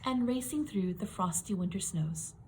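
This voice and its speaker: Woman gently reading a picture book. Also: mid-range voice, normal speed, slight background noise. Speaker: storybook reader.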